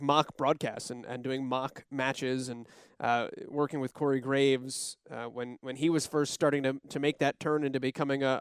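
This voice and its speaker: A man's voice: mid-range voice, clean tone, dry recording, studio quality. A man hosting an interview, asking long, winding questions with many ums. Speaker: interview host.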